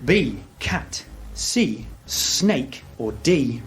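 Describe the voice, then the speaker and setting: A man hosting a live comedy quiz, playful and deadpan, laughing as he reads the questions. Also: medium pitch, extremely slow, heavy background noise. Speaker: comedy podcast host running a quiz. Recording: echoey venue with loud music.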